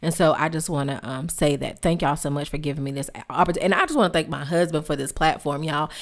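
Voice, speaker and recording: A woman's voice: low voice, steady tone, fast. A woman hosting a heartfelt tribute podcast, speaking emotionally and straight to her listeners, repeating phrases for emphasis. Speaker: podcast host.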